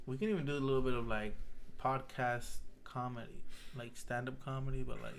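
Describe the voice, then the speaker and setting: A man's voice: mid-range voice, a little fast, vocal fry. Easygoing man hosting a casual podcast. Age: adult with kids. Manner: loose, rambling, lots of "like" and laughter. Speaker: podcast host. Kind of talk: casual chat among friends.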